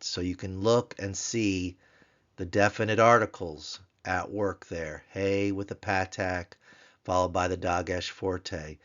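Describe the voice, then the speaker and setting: Low-voiced man teaching a grammar lesson. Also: a bit bright, dull audio. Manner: patient, spells words out slowly and repeats them.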